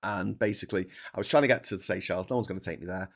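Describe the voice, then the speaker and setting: Guy on a livestream rambling through a travel story, slightly low voice, loose and chatty. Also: very fast. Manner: chatty storyteller, digressive, stops to chat while eating. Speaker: livestream host.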